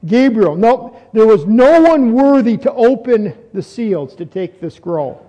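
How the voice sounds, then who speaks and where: A man's voice: high-pitched, big pitch swings, measured pace, mellow, in a large hall, muffled recording. A man preaching an expository sermon, reading scripture aloud and explaining it, building to emphatic repeated questions. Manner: teaching, reads scripture aloud then explains, rising to emphatic repetition.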